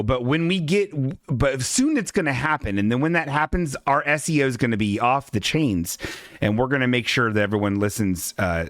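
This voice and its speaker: A man hosting a casual livestream podcast, reading a comic strip aloud with halting restarts and swearing asides. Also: a little high, fairly bright tone, dry recording, studio quality. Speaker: podcast host.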